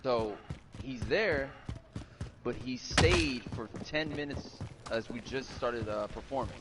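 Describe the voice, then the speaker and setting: A man in casual chat, telling a backstage story with animated, rising energy. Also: mid-range voice, takes it slowly. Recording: loud game noise behind.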